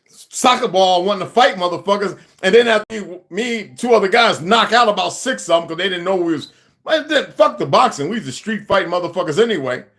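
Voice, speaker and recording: A man's voice: high-pitched, fairly bright tone. A man hosting a livestream, ranting at a viewer in an aggressive, profane, confrontational way. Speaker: livestream host. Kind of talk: angry livestream rant.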